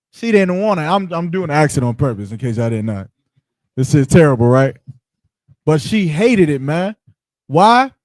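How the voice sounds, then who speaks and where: Guy teaching bible verses, high voice, punchy short lines, keeps asking you understand? dry close sound. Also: a little mellow, dry recording. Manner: preaches in short punchy lines with rhetorical questions; directs a reader between verses. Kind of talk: street-style scripture teaching.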